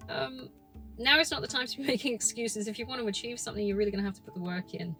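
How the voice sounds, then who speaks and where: A woman's voice: on the high side, quick pace, soft background music. A woman hosting a casual podcast from inside her car, blunt and sweary, laughing at herself as she talks. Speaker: podcast host. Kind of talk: casual monologue while driving. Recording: loud car road noise. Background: traffic and engine noise.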